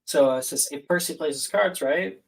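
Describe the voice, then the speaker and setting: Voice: medium pitch, normal speed, vocal fry, far from the mic, low-quality recording. A tabletop role-play player talking in character in a teasing, nosy, casual way.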